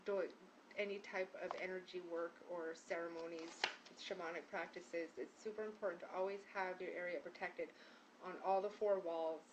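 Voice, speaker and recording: A woman's voice: fairly low pitch, steady tone, normal speed, very noisy. A woman healer teaching a group how to set up a prayer ceremony, in a casual, rambling way with many fillers and restarts, from a room hung with prayer ties. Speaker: spiritual healer leading a group prayer session. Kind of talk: casual spoken instruction.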